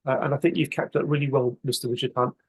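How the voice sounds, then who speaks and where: A man's voice: mid-range voice, fast, breathy edge. A man chairing a campaign meeting, talking emphatically and acting out indignant outbursts. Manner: animated, emphatic, acts out indignant rants. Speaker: meeting host.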